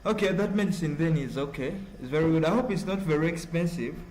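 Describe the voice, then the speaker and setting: Hosting a relaxed live stream, this man from Uganda speaks with a Ugandan accent and a slightly high, darkish voice. He reads out chat messages in a halting, filler-heavy, rambling manner, and the audio quality is poor.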